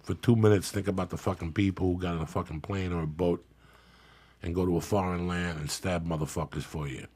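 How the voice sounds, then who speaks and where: A man hosting a comedy podcast in a studio, ranting loudly with constant profanity. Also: deep voice, fairly even intonation, brisk, husky. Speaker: podcast host.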